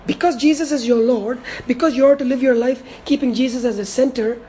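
A woman delivers a verse-by-verse sermon in a slightly high, mellow voice. She is emphatic and repeats key words for weight. She slows right down when she drives a point home, with a faint hiss of noise behind her. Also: steady tone, rough recording. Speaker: preacher. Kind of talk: expository sermon.

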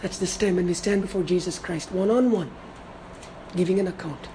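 A woman preaching an expository sermon. She talks emphatically, repeats key words and slows down to stress her points. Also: lowish voice, warm tone, a little hiss or hum, rough recording.

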